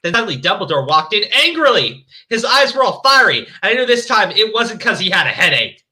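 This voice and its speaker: A man's voice: high voice, sing-song, fairly quick, pushed and bright. A man hosting a stream, reading fan fiction aloud with mocking, profane commentary. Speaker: stream host.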